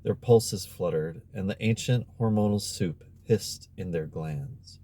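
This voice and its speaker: Low, mellow-voiced male audiobook narrator. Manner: measured, expressive reading. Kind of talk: scripted narration.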